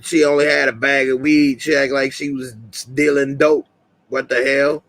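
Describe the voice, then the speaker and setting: A man's voice: mid-range voice, little pitch movement, normal speed, fairly bright tone, no room sound. A man hosting a casual live stream, laid-back and slangy, reading viewer comments aloud. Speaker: host.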